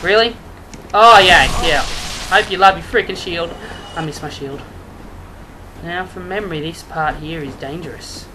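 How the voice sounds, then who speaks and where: A let's play gamer giving live commentary, yelping and shouting at the game, with sarcastic jokes to viewers. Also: medium pitch, normal speed, pauses often, a little hiss or hum, rough recording. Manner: excitable, yelps and shouts at the game; sarcastic, joking asides to viewers.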